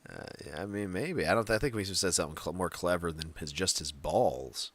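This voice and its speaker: A man's voice: deep voice, quick pace, a bit bright, no room sound. A man co-hosting a wrestling podcast, chatting casually and telling rambling, jokey stories. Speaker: podcast co-host. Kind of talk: casual chat.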